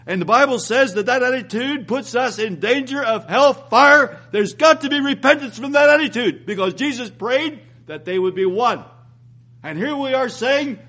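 A man with a notably high voice delivers a sermon, reading old scripture aloud between his own remarks. He hammers his points with repeated phrases, climbing higher and slowing down on the key lines. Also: a bit bright. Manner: reads scripture aloud, rises and slows for emphasis. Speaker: preacher.

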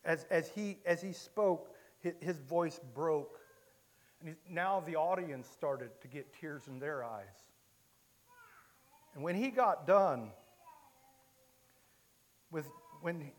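Halting storytelling preacher man. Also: fairly high pitch. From Illinois, USA. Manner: storytelling, halting with many restarts. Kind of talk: sermon.

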